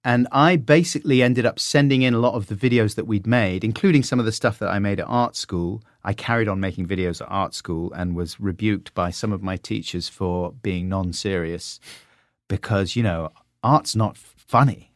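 A man's voice: lowish voice, moderate pace, no room sound. Guy, middle-aged, rambling funny stories, goes into silly voices, dry sound. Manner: animated storytelling, slips into silly voices. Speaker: podcaster guest. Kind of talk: conversational interview.

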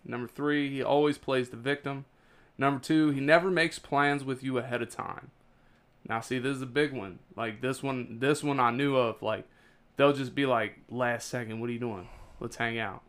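A man's voice: medium pitch, fairly even intonation, normal speed, fairly bright tone. A man co-hosting a casual podcast who reads out lists and makes jokes and puns. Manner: jokey, teasing, laughs at his own puns. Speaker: podcast co-host. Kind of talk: casual chat, reading a list.

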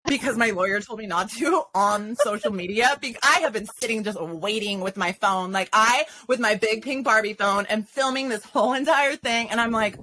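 A woman's voice: fairly high pitch, fairly quick, few pauses, pushed and bright, a little hiss or hum. A young woman hosting a casual chat, telling a story dramatically and sassily, full of "like" and swearing. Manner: dramatic, sassy, lots of "like", swearing. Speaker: podcast host.

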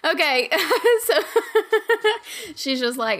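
A woman's voice: sits high, takes it slowly. Giggly woman narrating a role-play. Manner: giggly, animated. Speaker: player.

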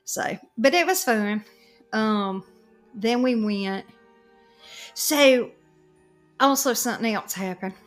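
A woman's voice: fairly high pitch, slow, long pauses, faint music behind. Chatty Southern woman telling stories. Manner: animated, laughing storyteller with lots of fillers. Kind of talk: casual storytelling chat.

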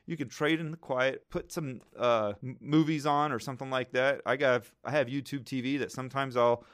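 A man's voice: mid-range voice, fairly even intonation, a little fast, fairly bright tone. A man hosting a podcast, chatting casually and rambling cheerfully while giving trading advice to listeners.

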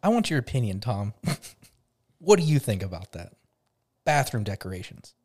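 A man's voice: lowish voice, sing-song, moderate pace, darkish tone. A man hosting a podcast in casual chat, joking and teasing his guests and laughing often. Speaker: podcast host. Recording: podcast mic.

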